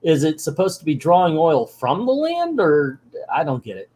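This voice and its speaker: An older man recapping a comic book in a casual, sarcastic way, mocking the story and acting out its lines in quick voices. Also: a little high, huge pitch swings, a little mellow.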